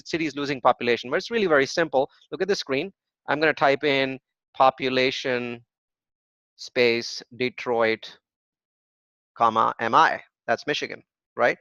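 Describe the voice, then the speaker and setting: A man runs a live real estate investing workshop with web demos, speaking emphatically, asking rhetorical questions and answering them himself, and ending points with "right?". His voice is fairly high and a bit bright. The recording is dull, dry, lo-fi, with no room sound.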